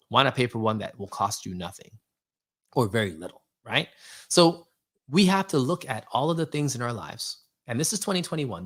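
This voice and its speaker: A man in the middle of an easygoing motivational talk, with a voice that sits at an ordinary pitch. He talks animatedly, tosses out rhetorical questions and laughs now and then. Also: fairly bright tone. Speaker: host.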